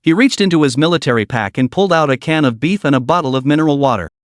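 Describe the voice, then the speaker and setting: A man's voice: a little high, lively intonation, fast talker, dry recording, clean studio sound. A man narrating a comic recap with dramatic storytelling.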